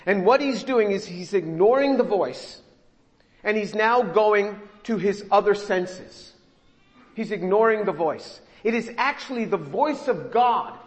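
A man with a high-pitched voice teaches scripture verse by verse. He explains patiently, repeats key phrases for emphasis and drops in wry asides. His voice rings out with a long reverb, as in a large hall. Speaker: Bible teacher.

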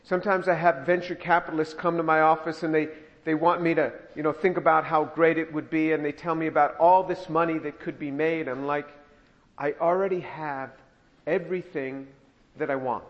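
A man with a somewhat high voice preaches a sermon, reading scripture slowly and deliberately and restarting phrases as he goes. The recording sounds muffled and lo-fi. His words ring out with a long reverb, as in a large hall. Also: level tone.

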